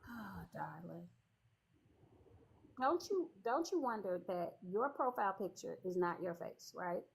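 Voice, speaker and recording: A woman's voice: medium pitch, very animated, normal speed, gravelly, poor audio. A woman from the Chicago area with a mixed Southern and Midwestern accent, hosting a debate in a pointed, sassy way. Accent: Chicago-area mix of Southern and Midwestern. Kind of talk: casual debate.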